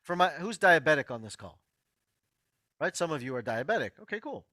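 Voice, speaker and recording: A high, bright-voiced man gives an emphatic motivational health lecture, swooping up and down in pitch as he repeats his key points. He talks straight to his online audience, and the sound is close and dry. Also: very animated, fairly quick, dry recording. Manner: emphatic, repeats key phrases, addresses listeners directly. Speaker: host of an online healing workshop.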